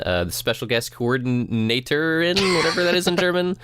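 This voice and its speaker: A man's voice: medium pitch, sing-song, normal speed, few pauses, a bit bright, clean tone, no echo, studio quality. A man co-hosting a casual podcast chat, joking and teasing. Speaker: podcast co-host.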